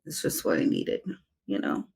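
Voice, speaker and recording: A woman's voice: normal speed, a little mellow. A woman co-hosting a podcast, answering with short, dry and wry reactions. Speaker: podcast co-host. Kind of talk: casual podcast banter.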